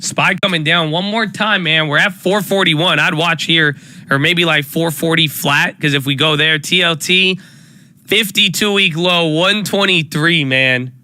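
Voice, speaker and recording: On his live stock trading stream, a man with a high-leaning voice speaks a little slowly. He keeps the talk casual while pumping up viewers with energetic, repeated calls.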